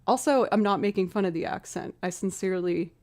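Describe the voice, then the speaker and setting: A woman's voice: medium pitch, brisk, a little mellow. Chatty woman musician thinking aloud. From outside Boston, USA. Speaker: musician streaming live. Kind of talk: casual livestream chat while working out music.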